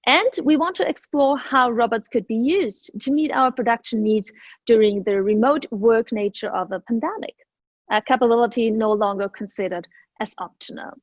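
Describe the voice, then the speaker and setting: Polite female panel moderator, slightly high. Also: normal speed, no room sound. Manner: polite, formal welcomes and thanks. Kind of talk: hosting a virtual panel. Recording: dull, lo-fi remote audio.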